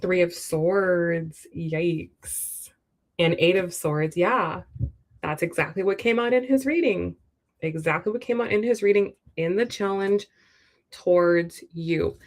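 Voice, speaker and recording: A woman's voice: on the low side, takes it slowly. A woman giving a casual tarot reading on a livestream, chatty and speaking straight to the viewer. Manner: chatty, full of "like" and "you know". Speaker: tarot reader.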